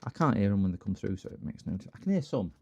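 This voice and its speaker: A man's voice: on the low side, very animated, very fast, vocal fry, a little mellow, lo-fi sound. A middle-aged man, chatting casually and joking with viewers as he hosts a repair livestream. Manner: jokey, rambling, answers chat comments.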